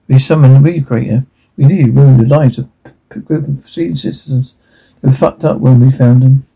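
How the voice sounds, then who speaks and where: An actor playing a blunt, foul-mouthed man in a television drama, talking in a gruff, exasperated rant. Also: mid-range voice, brisk, dark tone, rough recording.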